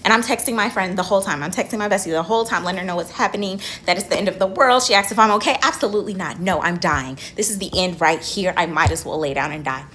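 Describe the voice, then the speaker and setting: A young woman vlogging from her car, telling a dramatic story in a casual, animated way and swearing freely. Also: fairly low pitch, quick pace, few pauses, a little hiss or hum.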